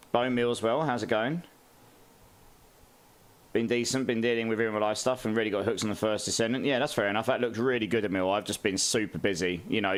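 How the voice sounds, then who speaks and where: A man, chatting casually on a game live stream, greeting viewers and laughing often. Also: on the low side.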